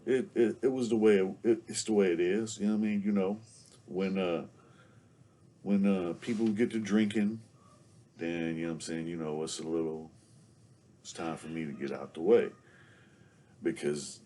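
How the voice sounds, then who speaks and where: A man's voice: low voice, mellow, slight background noise. A man telling a casual story as a show guest, packing nearly every phrase with "you know what I'm saying.".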